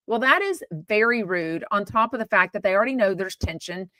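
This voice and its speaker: A woman's voice: medium pitch, animated, a little fast, pushed and bright, no echo. A woman from Texas, hosting a podcast in a blunt, chatty, opinionated way with casual swearing. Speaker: podcast host. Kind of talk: casual gossip commentary.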